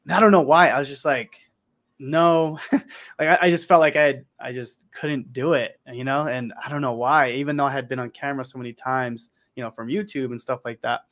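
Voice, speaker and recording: Guy hosting a podcast, kinda halting, mid pitch. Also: fairly even intonation, fairly bright tone. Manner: halting, many restarts and fillers. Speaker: host. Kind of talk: casual chat.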